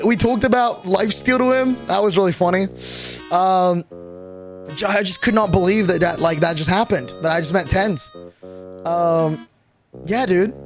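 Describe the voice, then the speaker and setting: A young man streaming a storytime recap, excitable and swearing casually with frequent laughs. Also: sits high. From Australia.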